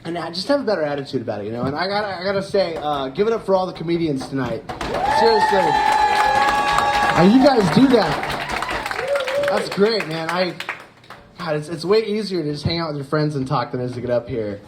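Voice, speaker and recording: Speaking a little fast with a slightly high, very animated voice, a comedian works a club stage on a handheld mic, rambling, filling his lines, and chuckling at his own material. A loud, laughing live crowd creates heavy background noise.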